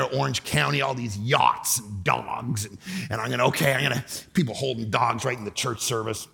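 A man preaching a comedic sermon, telling stories with sudden loud, shouted bursts. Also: mid-range voice, creaky. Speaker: guest preacher. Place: church.

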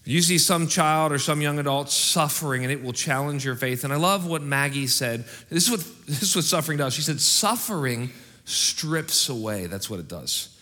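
A middle-aged man preaching from the stage of a large church auditorium, his bright, forceful voice carrying a long hall reverb. He shifts from loud, rallying calls to the congregation to quiet, confiding asides. His pitch sits a little high for a man. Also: brisk, hardly any pauses. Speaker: pastor. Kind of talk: sermon and church announcements.

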